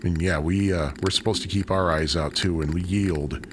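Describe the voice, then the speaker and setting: A man's voice: low-pitched, steady tone, moderate pace. A man casually narrating while riding his bike through city streets, rambling on with chatty, self-deprecating asides, recorded on a bike-mounted camera. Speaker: cycling vlogger. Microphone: bike- or body-mounted action camera. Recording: outdoor wind and traffic noise.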